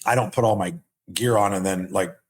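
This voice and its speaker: Low-voiced man, swearing casually. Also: brisk. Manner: animated, swears a lot, keeps checking with "right?". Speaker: podcast host. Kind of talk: casual podcast conversation.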